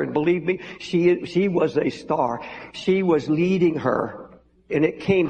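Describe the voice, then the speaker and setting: A man's voice: fairly high pitch, a little mellow, slight background noise. Earnest man preaching in a big hall. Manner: earnest, pleading preaching with emphatic repetition. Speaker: pastor. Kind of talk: sermon. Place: large church hall with balcony. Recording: live sermon in a reverberant hall, faint music.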